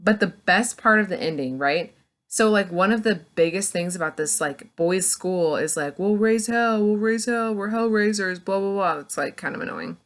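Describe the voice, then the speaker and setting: A woman giving a casual, chatty book review, retelling the plot with lots of "like" and quick acted-out bits of dialogue. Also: fairly low pitch. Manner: chatty and animated, retells scenes in quick acted-out snippets, heavy "like".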